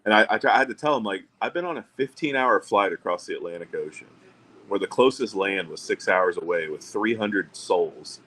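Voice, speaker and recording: A man's voice: on the low side, animated, brisk, fairly bright tone, slight background noise, low-quality recording. A middle-aged man hosting a casual chat, telling profane, wry anecdotes and acting out the other people's lines. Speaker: podcast co-host.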